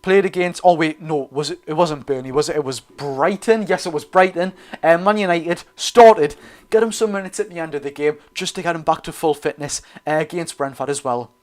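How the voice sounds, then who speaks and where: A young man with a Geordie accent talks viewers through a live match in a loose, chatty way, often correcting himself and calling out to the lads. His voice sits a little above the usual male pitch. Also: brisk. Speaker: football watchalong host. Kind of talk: live match commentary and chat.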